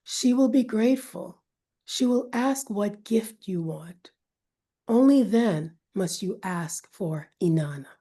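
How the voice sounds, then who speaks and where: A woman reading a wise elderly god giving orders; slow, warm, measured. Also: mid-range voice, expressive. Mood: instructive. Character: wise old grandfather god, loving, commanding.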